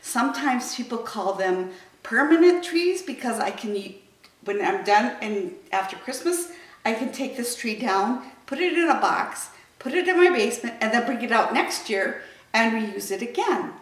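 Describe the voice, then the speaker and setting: A woman leading a story time, reading picture books aloud to children in an animated, sing-song way. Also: on the high side, moderate pace. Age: adult. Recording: roomy echo, voice from a distance.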